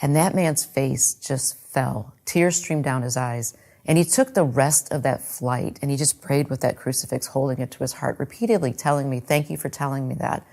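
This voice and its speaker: Very low, gravelly-voiced woman. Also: normal speed, darkish tone. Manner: earnest, heartfelt storytelling. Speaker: speaker giving a faith testimony. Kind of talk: personal testimony storytelling.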